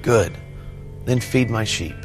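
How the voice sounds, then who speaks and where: An actor playing a calm, patient male teacher figure in a church video skit, asking gentle questions. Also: mid-range voice, slow pace, faint music behind, close to an everyday voice.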